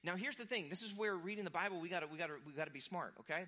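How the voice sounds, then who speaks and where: A man's voice: high voice, very fast. A young adult man preaching a sermon, talking casually and acting out quoted voices as he tells the story. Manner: animated, acts out quoted voices. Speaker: pastor.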